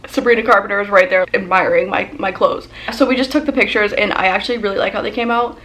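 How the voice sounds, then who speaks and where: A young woman vlogger telling a casual storytime as an excited fangirl, full of "like" and quoted dialogue. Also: mid-range voice, fast. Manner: excited fangirl gushing, lots of "like".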